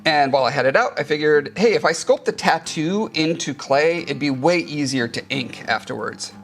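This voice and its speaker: A man's voice: on the high side, moderate pace, music in the background. A man playfully narrating a crafting video and reading a short story aloud, joking as he goes. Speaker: maker YouTuber.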